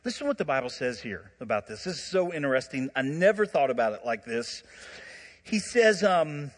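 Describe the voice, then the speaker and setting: A man preaching a sermon, telling stories in an animated way with frequent laughter and asides. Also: medium pitch, a little fast, big-room sound. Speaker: pastor.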